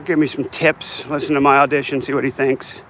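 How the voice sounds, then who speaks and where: In a mid-range voice with flat delivery, a little fast and a bit bright, an older vlogger chats as he walks a city street. He holds his phone and rambles in a joking, self-mocking manner, with a little hiss or hum present.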